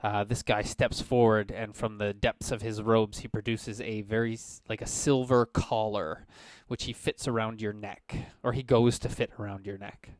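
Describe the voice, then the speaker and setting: A man's voice: fairly low pitch, level tone, normal speed, few pauses, no echo. A man acting as game master, narrating scenes and speaking for council members and guards.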